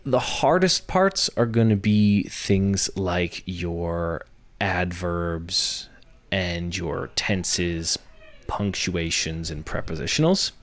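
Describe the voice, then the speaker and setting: A man's voice: deep voice, animated, takes it slowly. A young man hosting a podcast, explaining a workshop step by step in a teacherly way, building each point from worked examples. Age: young adult. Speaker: podcast host.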